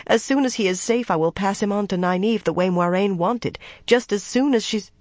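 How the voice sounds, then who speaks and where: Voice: mid-range voice, brisk, darkish tone, dry recording, voice pushed up, natural voice. A narrator voicing an anxious woman who earnestly pleads and justifies herself, in a dry, close recording. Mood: pleading.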